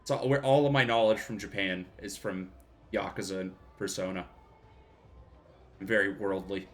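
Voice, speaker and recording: A man's voice: sits low, steady tone, normal speed, faint music behind. A man casually commenting while playing a video game on a live stream, joking, laughing often and swearing freely.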